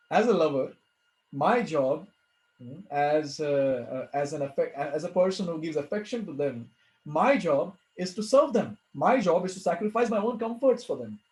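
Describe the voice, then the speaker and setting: A man with an Indian accent and a fairly high voice gives a devotional Q&A talk as a spiritual teacher. He is earnest, repeats his key phrases and asks himself rhetorical questions. The sound is roomy and echoing. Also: a little mellow.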